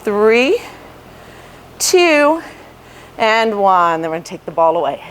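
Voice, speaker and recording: A woman's voice: medium pitch, sing-song, slow, slight background noise. A woman fitness instructor guiding a ball workout, cueing form and counting reps while she exercises along, a little out of breath.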